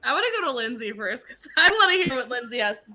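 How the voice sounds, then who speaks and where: Woman, podcast co-host, high voice, very bright and sharp, sassy, laughs a lot. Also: expressive, fast talker. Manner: sassy and laughing, playful name-calling. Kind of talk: casual chat recapping a reality show.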